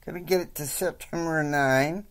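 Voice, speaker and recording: A man's voice: on the high side, moderate pace, a bit bright, clean tone. A man casually reading his own story aloud, with rambling asides. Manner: rambling asides, frequent fillers.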